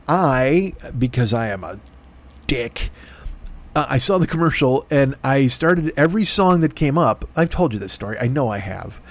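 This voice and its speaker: A middle-aged man telling a long, profane, self-deprecating story in a rambling podcast monologue. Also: mid-range voice. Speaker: podcast host.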